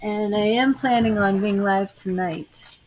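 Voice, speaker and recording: A woman's voice: mid-range voice, unhurried, a little hiss or hum, low-quality recording. An older woman giving tarot readings on a live stream, chatting with viewers by name. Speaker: tarot reader.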